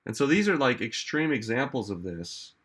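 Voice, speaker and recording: A man's voice: medium pitch, very animated, normal speed, a bit bright, slightly rough. A man giving a casual motivational talk to an audience, chatty, often saying "like" and "right?", stressing his points with questions. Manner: conversational, frequent "like" and "right?". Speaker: self-help speaker.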